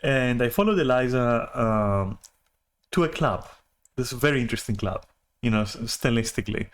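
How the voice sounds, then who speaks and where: A man streamer telling a story in a casual rant, animated, swearing and restarting often. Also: mid-range voice, moderate pace.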